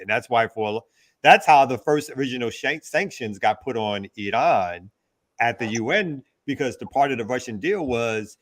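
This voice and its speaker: A man hosting a morning radio talk show, riffing on politics in an animated, joking way. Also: mid-range voice, brisk.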